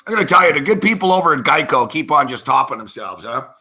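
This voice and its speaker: A man's voice: medium pitch, sing-song, quick pace, sharp tone. Agitated, foul-mouthed male betting host. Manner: profane, agitated and rambling; talks to himself while placing bets. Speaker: sports betting show host. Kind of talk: live betting chat.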